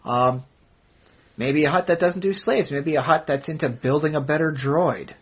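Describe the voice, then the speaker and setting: Man, casual podcast chat, husky voice, rambling, muffled lo-fi sound. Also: a little high, moderate pace. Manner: rambling, lots of fillers and restarts. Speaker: podcast co-host. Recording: dull lo-fi podcast audio.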